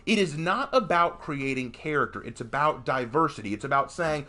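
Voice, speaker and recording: A male streamer talks over his gameplay in a casual, ranting commentary. His fairly high voice leaps up and down as he presses his points with emphasis. He often restarts his sentences. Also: animated, moderate pace, hardly any pauses, pushed and bright.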